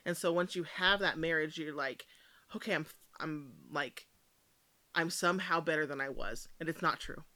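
A woman joins a casual chat, sympathetic and quick to agree. Her voice sits low but sounds bright and forceful. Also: no room sound.

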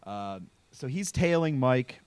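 A man's voice: medium pitch, lively intonation, takes it slowly, clean tone, dry recording. A man hosting a podcast, recapping a TV episode in casual, jokey chat full of fillers and swearing. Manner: rambling, profane, jokey, lots of fillers. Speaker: podcast host recapping a show.

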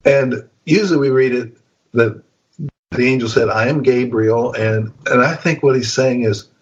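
Older male preacher, relaxed anecdotal storyteller, husky, muffled recording. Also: mid-range voice, normal speed. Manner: relaxed storytelling, chuckling often. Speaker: guest preacher. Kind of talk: conversational interview. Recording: dull lo-fi recording.

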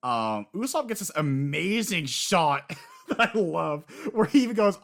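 A man casually discussing anime on a podcast, lively and laughing often. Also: fairly high pitch, a little slow, vocal fry. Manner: animated, laughs often, acts out quotes.

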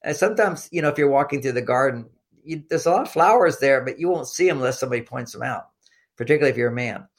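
A man speaking as an interview guest in an animated, storytelling way. He has a mid-range voice and teaches through personal anecdotes, slipping into remembered conversations and voicing them. He often stumbles and repeats his opening words before a sentence gets going. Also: mid-range voice, fast talker. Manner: animated storyteller who acts out quoted dialogue. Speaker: relationship author and podcast guest.

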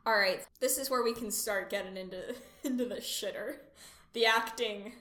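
A woman co-host talks films in relaxed conversation, opinionated and quick to laugh. Her voice is bright and forceful. The room around her adds a noticeable echo. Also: medium pitch. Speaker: podcast co-host. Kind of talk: casual film chat.

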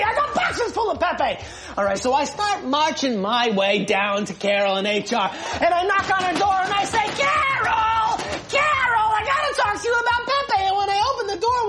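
A frantic, shrill conspiracy ranter. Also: male voice, exaggerated voice. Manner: frantic, shouting, ranting. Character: frantic paranoid male mailroom worker. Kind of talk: TV sitcom scene.

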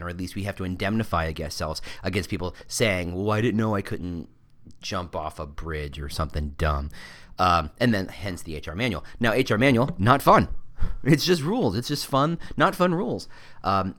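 A man with a fairly low voice hosts a podcast, talking in a loose, chatty monologue. His pitch moves animatedly as he tells stories and slips in mock voices. He often backs up and rephrases mid-sentence. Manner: animated, lively storytelling with playful mock voices; digressive, self-correcting. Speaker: podcast host.

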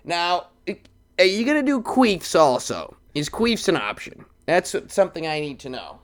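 A man's voice: high voice, very animated, normal speed. A man co-hosting a podcast in casual chat, crude and jokey, laughing often. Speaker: podcast co-host.

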